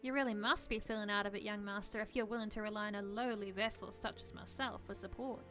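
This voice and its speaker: A woman voicing a cocky, streetwise young man who serves as a protective servant, speaking in a rough, teasing gutter-snipe drawl. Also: mid-range voice, fairly even intonation, quick pace, bright, forceful tone, soft background music, lightly acted.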